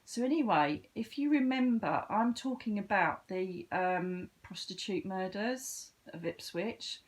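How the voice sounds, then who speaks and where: A woman, a psychic medium chatting to camera in a casual, animated storytelling way. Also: mid-range voice, measured pace. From Britain. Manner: chatty and animated, with sudden lively lifts of voice.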